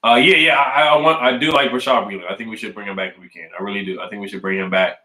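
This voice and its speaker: A man's voice: fairly low pitch, fairly even intonation, very fast, pushed and bright, reverberant, low-quality recording. A man casually chatting on a live stream, reading fan comments and repeating his points with emphasis. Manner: repetitive, emphatic, says "man" and "I really do" often. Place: at home indoors.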